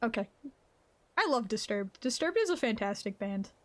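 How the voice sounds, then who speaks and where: A woman live-streaming a game, chatting casually with her viewers in an excitable, laughing way. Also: a little high, moderate pace. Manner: greets chat viewers mid-game.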